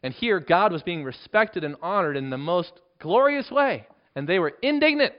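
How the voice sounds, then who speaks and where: A man delivers a sermon in an earnest, emphatic way, his voice sitting a little high for a man. He drops to a hushed tone on key points. The recording is dull and lo-fi. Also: animated, normal speed. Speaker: pastor.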